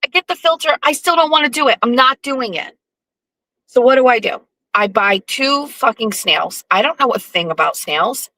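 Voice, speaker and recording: A woman hosting her own show, telling a profane, animated story with sarcastic asides in a casual live-stream monologue. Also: a little high, moderate pace, no echo, low-quality recording. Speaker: show host.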